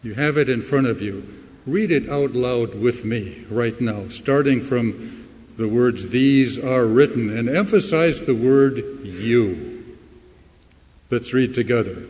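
Slow-preaching man in a reverberant hall. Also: mid-range voice, a little mellow. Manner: slow, emphatic preaching with dramatic pauses and swells. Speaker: pastor. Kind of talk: sermon.

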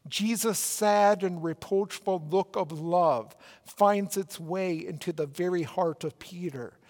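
A male pastor with a Minnesota accent preaching a sermon in a church, earnest and measured, with emphatic rises. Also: high-pitched, darkish tone. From Minnesota, United States. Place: church sanctuary. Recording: long church reverb.

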